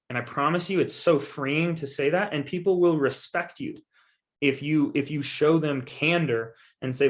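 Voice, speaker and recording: A man's voice: on the high side, normal speed. A man giving a coaching presentation on investing, talking to his audience in an emphatic, persuasive and casual way. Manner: emphatic and persuasive, with frequent repeated assurances; casual, addresses listeners directly as "guys". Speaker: guest speaker on real estate investing.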